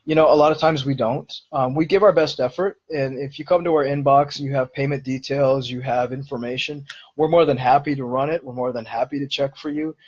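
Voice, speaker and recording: A man's voice: mid-range voice, steady tone, a little fast, darkish tone, breathy edge, muffled recording. A man hosting a live-streamed Q&A, answering viewer questions in an earnest, explanatory way.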